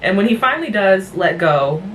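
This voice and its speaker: Here a weary woman vlogger recaps cartoon episodes in a casual, meandering way, speaking bluntly and chattily. Her mid-range voice is very animated and fairly bright, moving at a normal speed. A faint hiss sits under the audio, and the mic is a bit far off.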